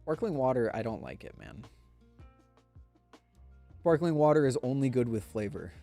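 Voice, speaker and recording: A man's voice: mid-range voice, sing-song, normal speed, dark tone, faint music behind. A man chatting casually on a live stream, rambling in a laid-back way and speaking straight to his viewers. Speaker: livestreamer.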